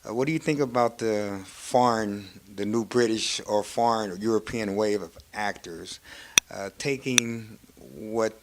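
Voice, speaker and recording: Low-voiced male host, measured. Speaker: talk show host. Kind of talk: interview questions.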